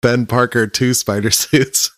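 Man, medium pitch, laid-back, easy laughs, dry close mic, casual book chat. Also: fairly even intonation, a little slow, fairly bright tone, dry recording. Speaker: podcast co-host.

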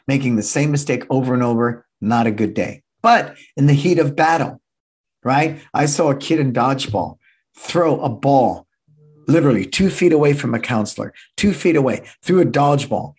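A man in his sixties, a martial arts school owner, gives an energetic motivational seminar talk, repeating key phrases and acting out quoted voices. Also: mid-range voice, husky. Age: 60s.

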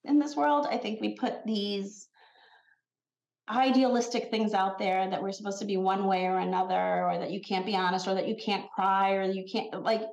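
A woman's voice: medium pitch, moderate pace, roomy sound, dull audio. A woman who founded a skincare brand talks as a podcast guest in a casual chat. She tells stories with energy and acts out the quotes. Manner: animated storyteller, acts out quotes.

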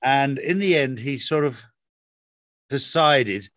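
A man's voice: mid-range voice, lively intonation, slow pace, a bit bright, dry recording, clean studio sound. A man in casual conversation about faith, telling personal stories and repeating phrases for emphasis. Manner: storytelling, emphatic repetitions.

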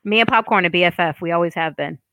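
A woman from Boston hosts a casual podcast chat, playful and quick to laugh. Her voice sits on the lower side and sounds dry and close, with no room around it. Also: sharp tone, no room sound. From Boston, Massachusetts. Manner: chatty, laughs often, playful. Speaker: podcast host.

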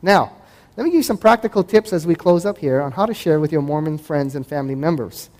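A man's voice: on the high side, animated, a little mellow. Man preaching in an echoey hall. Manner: conversational, acts out past dialogues with quick voices. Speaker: host and Christian apologetics speaker. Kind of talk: live talk to an audience. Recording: echoey hall with long reverb.

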